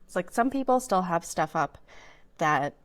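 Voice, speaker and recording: A woman from Canada co-hosting a podcast, telling stories in a chatty, animated way with many restarts. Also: on the low side, moderate pace. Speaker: podcast co-host. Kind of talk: casual chat.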